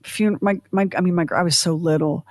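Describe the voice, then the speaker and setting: A woman co-hosting a podcast, in chatty, animated casual talk full of fillers and asides. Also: lowish voice, brisk, dry recording, studio quality. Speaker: podcast co-host. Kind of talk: casual chat.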